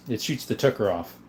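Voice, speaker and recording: A man's voice: mid-range voice, a bit bright, slight background noise. A young adult man hosting a casual livestream, reading viewer comments aloud and answering them in a loose, conversational way. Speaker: livestream host.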